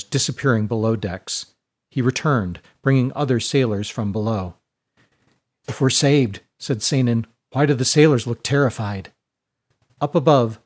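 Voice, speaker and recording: Brief: male narrator, mid-range pitch, calm measured storytelling for a serialized audiobook.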